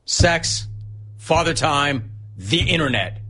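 A man's voice: on the high side, lively intonation, slow, sharp tone. A middle-aged man hosting a sports talk radio show, delivering a brash, punchy monologue. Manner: brash, punchy, mocking quotes in a whiny voice.

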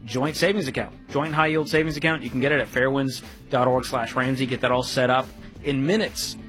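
A man's voice: medium pitch, steady tone, fairly quick, fairly bright tone, soft background music, poor audio. A man co-hosting a money advice show, chatty and joking, sometimes acting out what people say. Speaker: co-host of a money call-in show. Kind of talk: casual radio talk.

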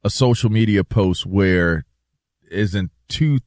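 A man's voice: lowish voice, slow, dry recording, clean studio sound. A man co-hosting a sports radio show, telling rambling stories in casual banter and often repeating himself. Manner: rambling, animated storyteller who repeats himself. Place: radio studio.

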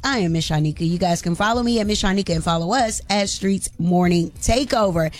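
A woman's voice: mid-range voice, brisk. A woman co-hosting a morning radio show, reading news and speaking bluntly. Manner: blunt, outspoken. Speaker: news segment co-host. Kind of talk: radio news read and chat.

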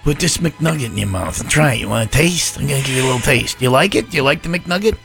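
A man putting on a shady street dealer who coaxes someone into trying a nugget, in a sly, hushed, coaxing manner. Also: mid-range voice, expressive, fast, gravelly, faint music behind.

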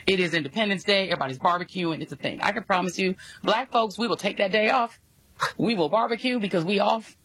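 A woman's voice: medium pitch, fast, a bit bright, breathy edge, no echo. A commentator in a played clip, speaking emphatically and restarting words as she builds her point. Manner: emphatic, repeats words when starting.

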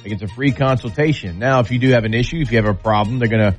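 A man's voice: medium pitch, racing, soft background music. A man hosting a sports radio show, chatting easily and doing an upbeat live ad read.

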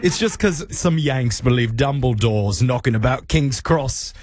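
A radio host doing a deliberately bad British accent, playing a pushy airline customer-care man on a prank call, teasing and chuckling at his own jokes. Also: medium pitch, animated, a crowd in the background, lightly acted. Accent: put-on bad British accent.

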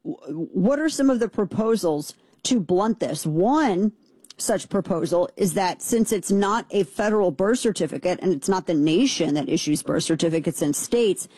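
A woman's voice: on the low side, expressive, moderate pace, dark tone, husky, no echo. A woman hosting a show, giving an emphatic, opinionated political commentary monologue and repeating points for stress. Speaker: show host.

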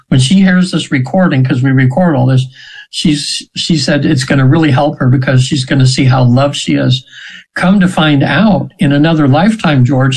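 A man in his seventies telling stories in casual conversation, rambling with fillers and clearing his throat now and then. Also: a little high, a little mellow, rough recording. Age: 70s. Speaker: guest describing hypnotic trance sessions.

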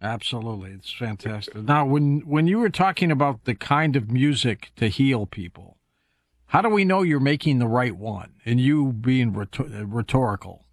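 A man's voice: medium pitch, expressive, normal speed, dry recording, clean studio sound. A man hosting a radio talk show, asking curious questions with brief interjections.

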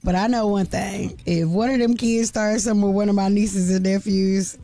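Mellow-voiced blunt radio co-host woman. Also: mid-range voice, fairly even intonation, normal speed. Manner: blunt, emphatic. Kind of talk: casual radio talk.

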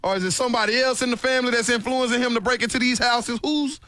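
A man's voice: very high voice, steady tone, fast, pushed and bright, no room sound. A man playing a stern police officer on a prank call, drawling and repeating "ma'am" as he questions a mother. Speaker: radio prank-call co-host. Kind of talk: prank call role-play.

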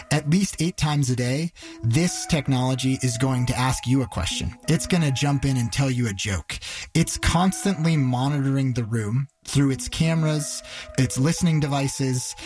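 A man's voice: mid-range voice, a little mellow. Man telling a news story. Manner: conversational, vivid retelling. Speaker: reporter.

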